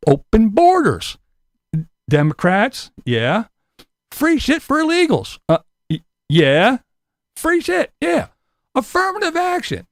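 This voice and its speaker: A combative vlogger rants to the camera with profanity and biting sarcasm. The pitch swings widely from phrase to phrase, and the recording is dry and close. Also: no room sound. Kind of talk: angry ranting monologue.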